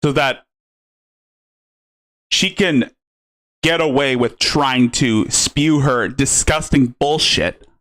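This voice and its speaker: A man's voice: medium pitch, slow pace, pauses often, fairly bright tone. A man commenting scornfully on a clip during a live stream, swearing as he talks.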